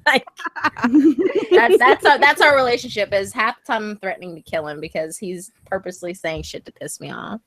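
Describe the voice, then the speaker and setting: A woman with a slight Southern accent, chatting as an interview guest, animated and swearing freely. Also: medium pitch, a little fast, no echo. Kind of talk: casual video chat.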